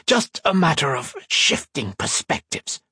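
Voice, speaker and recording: A man's voice: on the high side, slow, gravelly, fairly bright tone, husky, no echo, clean studio sound, pitched above the performer's own voice, full character voice. A man doing a sneering traitor. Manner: sneering, spitting. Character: treacherous man with a metal arm, sneering.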